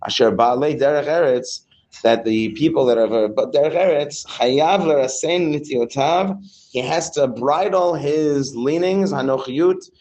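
A man's voice: a little high, measured pace, darkish tone, poor audio. A man teaching a Torah class to students. He reads Hebrew lines, translates them into casual English with some slang, and banters with the class.

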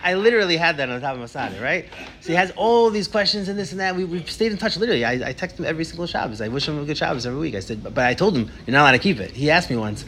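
A man teaches a casual discussion class in a quick, tumbling delivery. His voice sits a little high, and he restarts sentences as he builds stories. Faint room noise lingers behind. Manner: animated, fast storytelling with many restarts. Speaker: teacher leading a Torah discussion.

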